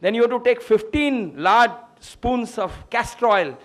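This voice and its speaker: A man's voice: very high-pitched, expressive, unhurried, fairly bright tone, pitched above the performer's own voice, full character voice. A man voicing an eccentric, brilliant old village healer who speaks brusquely and gives commands. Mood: commanding.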